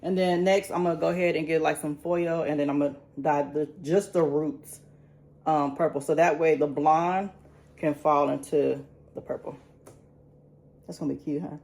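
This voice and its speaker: In this casual talk-along tutorial, a beauty vlogger dyes a wig at an indoor sink, nervously chatting and laughing at her own expense. Her voice sits low and is slightly mellow, with fairly even intonation and normal speed, and the room echoes with faint ambient noise.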